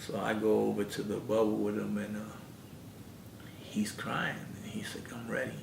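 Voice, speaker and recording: A man's voice: flat delivery, moderate pace, creaky. A man as an interview guest, earnestly telling his life story and acting out the dialogue in it. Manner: earnest storyteller who acts out quoted dialogue. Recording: echoey room, mic at a distance, background rumble.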